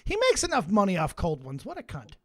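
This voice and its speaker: A man with a high voice hosts a livestream, swearing freely and bantering bluntly. The sound is dry and close, with no room around it. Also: wildly swooping pitch, fast talker, no room sound. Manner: profane, rowdy and blunt. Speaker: livestream host. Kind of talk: casual stream banter.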